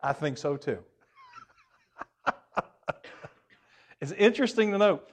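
A man with a fairly high voice teaches a Bible class in a loose, conversational way. He pauses often on hesitant fillers, corrects himself, and keeps turning questions back to the group. His voice lifts with emphasis on the points he wants to land. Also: animated.

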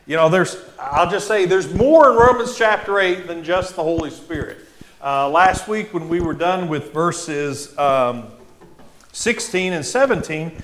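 High-voiced man teaching Bible class. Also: a bit bright. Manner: halting, many fillers and restarts, quizzes the class. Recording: echoey room with faint noise.

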